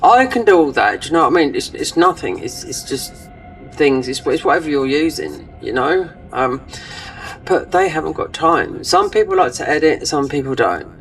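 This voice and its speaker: A man's voice: a little high, lively intonation, moderate pace, a bit bright, far from the mic, soft background music, poor audio. A man giving rambling, casual commentary over a game he is playing, trailing off with frequent fillers. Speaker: gaming channel host.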